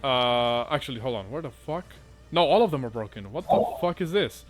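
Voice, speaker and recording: A man's voice: medium pitch, animated, a little fast. A man running a tabletop game as dungeon master, talking casually with many fillers and swearing often.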